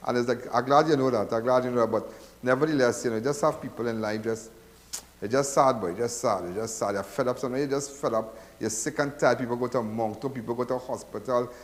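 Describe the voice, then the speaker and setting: A man's voice: mid-range voice, fast, in a large hall. A Trinidadian man hosting a live call-in crime show, talking in a rambling, repetitive, preachy way. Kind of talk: live call-in radio talk.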